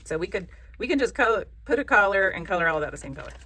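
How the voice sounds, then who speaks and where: A woman's voice: mid-range voice, big pitch swings, fast talker, pushed and bright. A woman with a Southern American accent hosts a casual craft tutorial, chatty, joking and encouraging. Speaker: craft channel host.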